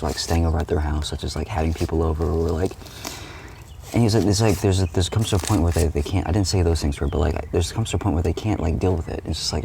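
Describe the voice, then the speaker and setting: His voice sits low with vocal fry as this young streamer meanders through the story of a dream, full of "like," frequent restarts, and plenty of swearing. Background noise is present throughout.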